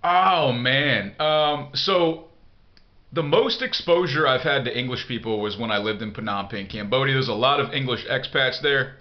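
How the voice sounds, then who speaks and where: Blunt male vlogger, profane and rambling, average pitch, muffled lo-fi recording. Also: normal speed. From United States. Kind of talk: casual monologue answering a viewer email.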